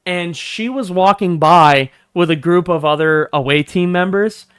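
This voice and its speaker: Young guy vlogging a rant, swears a lot, smooth clear voice, a bit high. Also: a little slow. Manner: profane, animated storytelling, swinging from mutters to loud bursts. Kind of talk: casual storytime rant.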